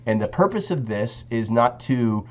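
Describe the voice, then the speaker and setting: A man's voice: mid-range voice, very animated, normal speed. Guy teaching w a cold, stuffy and coughy, rambles and restarts, kinda muffled lo-fi audio. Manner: loose and conversational, restarts phrases. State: sick, coughing and congested. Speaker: instructor. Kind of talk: casual spoken feedback to students.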